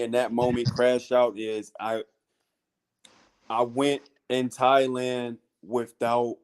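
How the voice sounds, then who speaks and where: Male guest, casual storyteller, slangy, animated, mid-pitched. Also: slight background noise. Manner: animated storytelling with slang, often acting out high-pitched voices. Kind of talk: casual chat.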